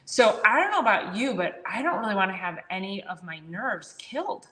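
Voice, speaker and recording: A woman in a casual health chat, telling a story about a patient with lively swings in her voice and acting out each side of the dialogue. The sound is roomy, with clear echo around her voice. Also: medium pitch, fairly quick. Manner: animated, acts out both sides of a conversation. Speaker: chiropractor and podcast host.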